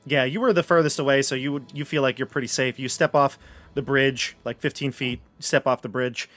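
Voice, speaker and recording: A man running a tabletop game as game master, narrating the scene in a relaxed way and often restarting his sentences. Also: mid-range voice, fairly quick.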